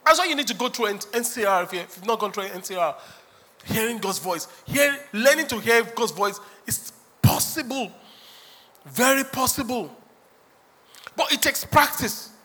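A pastor preaching to his church in a high, bright voice. He jokes, acts out little dialogues and laughs often. The sound carries a long reverb from a large hall. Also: lively intonation, normal speed, breathy edge. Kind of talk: sermon.

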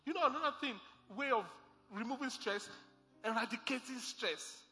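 A man's voice: very high voice, animated, moderate pace, sharp tone. A man preaching a sermon as pastor, emphatic and repeating his key lines. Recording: echoey hall with faint music.

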